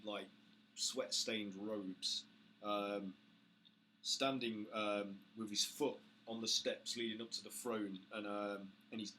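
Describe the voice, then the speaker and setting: A British man narrating as game master, halting with many fillers. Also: pushed and bright. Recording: faint hiss, low-quality audio.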